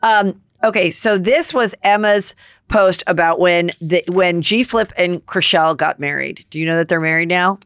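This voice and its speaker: A woman hosting a casual gossip podcast, telling stories in a chatty, animated way. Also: on the low side, moderate pace, smooth, no room sound. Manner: chatty, animated storytelling with playful put-on voices. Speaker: podcast host.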